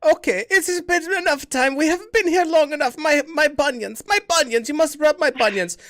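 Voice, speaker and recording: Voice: brisk, fairly bright tone, no echo, clean studio sound. A player voicing a doddering old grandmother who fusses over her candles and bunions. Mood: fussy. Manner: shrill, doddering, keeps complaining about bunions and candles. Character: disguised fussy old grandmother.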